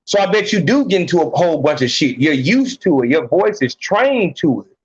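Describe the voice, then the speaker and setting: High-pitched guy ranting on a podcast, cussing a lot, muffled lo-fi sound. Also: sing-song, a little fast, husky. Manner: blunt, heavy slang, swearing. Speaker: podcast host. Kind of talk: profane ranting commentary.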